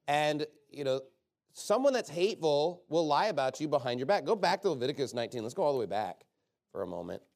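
A man's voice: fairly high pitch, big pitch swings, quick pace, vocal fry, darkish tone. A man preaching a sermon in an emphatic, conversational way, often asking rhetorical questions.

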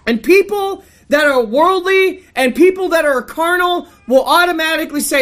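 A woman's voice: extremely high pitch, moderate pace, hardly any pauses. A woman reading scripture and preaching an emphatic, rebuking sermon.

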